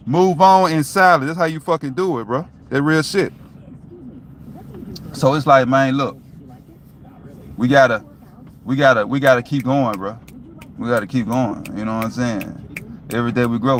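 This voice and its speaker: A man's voice: medium pitch, fairly bright tone, a little hiss or hum. A man vlogging to his viewers in a loose, profane motivational talk, repeating "you know what I'm saying" often. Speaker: YouTube vlogger.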